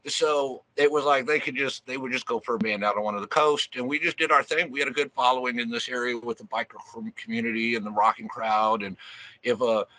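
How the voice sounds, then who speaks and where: Bright-voiced man in his fifties, rambling. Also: medium pitch, fairly even intonation, fairly quick, rough recording. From Missouri, USA. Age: 50s. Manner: rambling, restarts often, drawls fillers. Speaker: record label guest. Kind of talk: casual interview storytelling.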